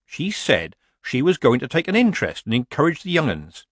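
A man's voice: a little high, wildly swooping pitch, a little fast, no room sound, studio quality, pitched above the performer's own voice. A man doing a pompous, fussy committee lady. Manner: pompous, accusing.

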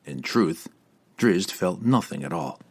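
A man reading a fantasy novel aloud as an audiobook narrator, in an expressive, dramatic way. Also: low-pitched, slow pace, vocal fry, husky.

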